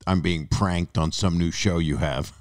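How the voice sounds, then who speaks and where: A man hosting a casual chat, breaking in with quick questions and wry asides. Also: low-pitched. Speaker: podcast host.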